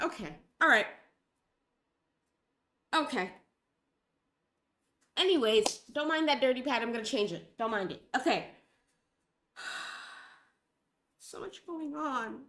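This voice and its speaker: A woman's voice: a little high, lively intonation, takes it slowly, long pauses, fairly bright tone. A young woman talking casually in a rambling, dramatic, self-mocking vlog. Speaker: vlogger.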